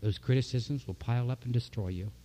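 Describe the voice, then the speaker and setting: Guy preaching a sermon, mellow warm voice, gets fired up and repeats himself. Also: mid-range voice, brisk, a little hiss or hum. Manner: impassioned, preaching with rising emphasis and repetition. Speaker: pastor.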